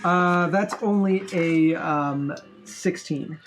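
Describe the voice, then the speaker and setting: A player in a tabletop fantasy game calling out rolls and damage with eager enthusiasm. The voice sits at a middle pitch and talks in a casual, conversational way. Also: slow pace, background noise. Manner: enthusiastic, reads dice rolls aloud.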